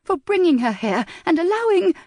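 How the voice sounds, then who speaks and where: A woman voicing a hysterical, shrill middle-aged noblewoman in a period audiobook, her delivery wailing and indignant. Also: big pitch swings, moderate pace, breathy edge, dry recording, studio quality. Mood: hysterical outrage.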